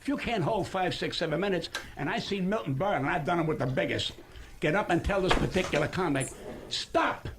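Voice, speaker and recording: A man's voice: high-pitched, quick pace. A man in his seventies, a comedian guest on a radio show, telling stories in a brash, profane, lecturing way. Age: 70s. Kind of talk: radio interview storytelling. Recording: archived radio clip with steady hiss.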